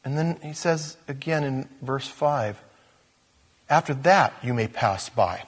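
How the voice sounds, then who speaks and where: Husky-voiced man preaching in a hall. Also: medium pitch, lively intonation, takes it slowly. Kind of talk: sermon.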